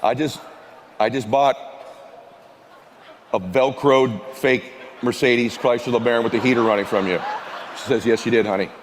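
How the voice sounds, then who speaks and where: A middle-aged man giving a keynote on stage, telling a self-mocking story that swings from hushed asides to shouting. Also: mid-range voice, measured pace, pauses often, slight background noise. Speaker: motivational speaker. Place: large event hall stage. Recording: long hall reverb from a live stage.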